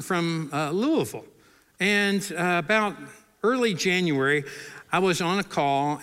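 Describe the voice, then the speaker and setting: A man's voice: a little high, in a large hall. A middle-aged man preaching a sermon, telling a story with humor and acting out the voices of people in it. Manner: animated, acts out quoted voices with humor. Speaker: pastor.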